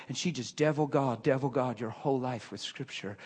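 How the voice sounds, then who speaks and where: A man preaching and telling a story from his working life, moving from hushed murmurs to loud, excited bursts. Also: medium pitch, a little fast, few pauses, husky. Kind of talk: sermon storytelling.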